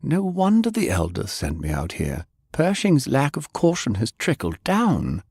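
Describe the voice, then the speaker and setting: A man voicing a stern, secretive older male elder who speaks in a low, controlled, commanding way. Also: creaky, a little mellow, breathy edge, no echo, studio quality, exaggerated voice.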